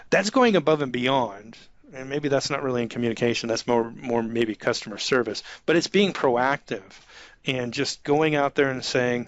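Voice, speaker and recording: A man who manages an IT staff, talking informally about soft skills and acting out example conversations with a light chuckle. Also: mid-range voice, normal speed, dry recording, lo-fi sound. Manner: conversational, acts out example dialogues, chuckles often. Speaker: IT manager giving career advice.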